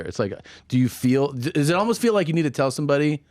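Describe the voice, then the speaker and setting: A man with a mid-pitched voice in a dry, close recording. He asks curious, probing questions in casual podcast chat. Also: quick pace, darkish tone, dry recording.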